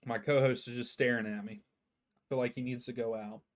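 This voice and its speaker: A man's voice: medium pitch, fairly even intonation, brisk. A man hosting a soccer watchalong stream from home, chatting loosely through the halftime scores and a little sleepy. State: sleepy, yawning. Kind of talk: casual live-stream commentary.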